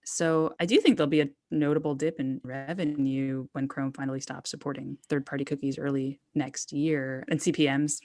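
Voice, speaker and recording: A woman's voice: a bass voice, steady tone, moderate pace, hardly any pauses, darkish tone, dry recording, studio quality. A woman guest on an interview podcast, talking candidly and casually, loose with slang. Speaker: guest, trade journalist.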